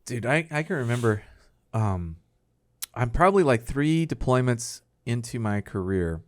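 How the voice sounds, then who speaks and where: Lively, profane podcast host man. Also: medium pitch, unhurried. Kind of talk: casual chat.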